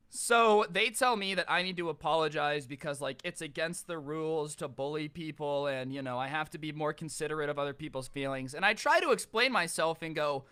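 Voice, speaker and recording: Ranting bright-voiced young man. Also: fairly high pitch, brisk, hardly any pauses, smooth. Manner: animated, ranting, sarcastic. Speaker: YouTuber storyteller. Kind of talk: casual storytime rant.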